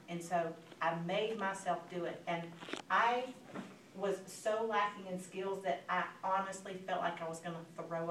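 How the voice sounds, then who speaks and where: A woman, giving an animated motivational sales training talk to a live audience and acting out phone calls. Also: on the low side. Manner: animated, acts out phone calls, addresses listeners as girl. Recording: echoey room, from a distance, faint background noise.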